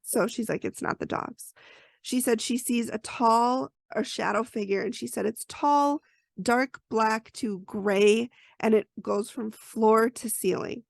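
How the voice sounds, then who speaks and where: A woman podcast host with a heavily gravelly, fry-laden voice set a little high. She recaps a story casually, with chatty asides. The sound is dry and close. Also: a little slow, no room sound.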